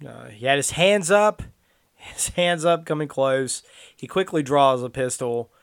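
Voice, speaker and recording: A man holds forth in a political commentary monologue, combative and mocking by turns. He talks straight at his listeners in a voice of ordinary middle pitch. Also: fairly bright tone, clean tone. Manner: combative, sarcastic, addresses listeners directly. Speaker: tracking instructor.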